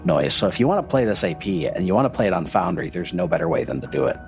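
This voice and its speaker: A man narrating a tabletop game as game master, in a relaxed, descriptive way with frequent filler sounds. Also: deep voice, quick pace, vocal fry, faint music behind.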